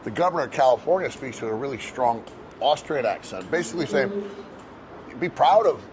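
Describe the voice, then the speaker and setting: An older American man, a guest chatting casually and telling relaxed stories outdoors. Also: medium pitch, fast, background noise. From United States. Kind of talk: casual chat.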